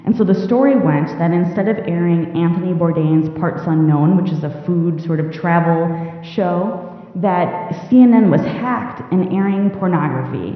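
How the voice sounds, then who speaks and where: Young woman presenter, informal talk, lowish pitch, roomy hall reverb, tinny lo-fi sound. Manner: chatty, asks "right?" often, laughs at odd headlines. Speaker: presenter on news literacy. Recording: echoey hall, phone-like sound.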